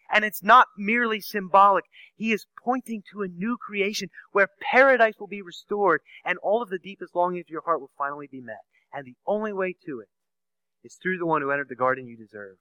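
A man preaching a sermon, asking the listeners rhetorical questions and swinging from a soft hush to loud emphasis. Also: sits high, a little fast, dry recording, rough recording.

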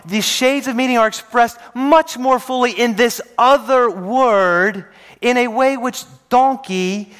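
Animated preacher with a high voice. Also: male voice. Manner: animated storytelling, playful asides. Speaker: pastor. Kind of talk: sermon. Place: church service.

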